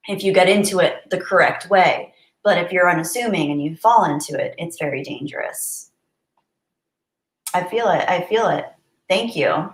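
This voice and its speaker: Chatty woman streamer in an echoey room. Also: medium pitch. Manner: chatty, reads viewer messages aloud, soft and heartfelt. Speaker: livestream host. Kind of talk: casual livestream chat. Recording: roomy echo.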